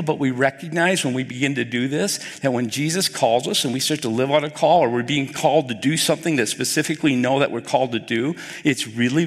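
A male pastor preaching a sermon, telling the story with animated, acted-out dialogue. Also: mid-range voice. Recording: long hall reverb.

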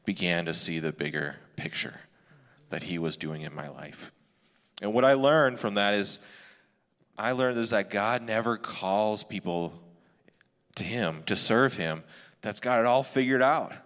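A man's voice: low-pitched, a bit bright, clean tone. A male pastor giving a sermon in a candid, conversational way, often restarting his sentences. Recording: long hall reverb.

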